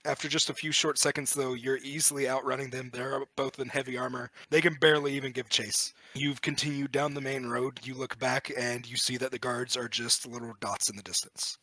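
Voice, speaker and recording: A man narrating as game master in a casual tabletop game, relaxed and dropping frequent "uh" fillers. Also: mid-range voice, brisk, few pauses, no room sound.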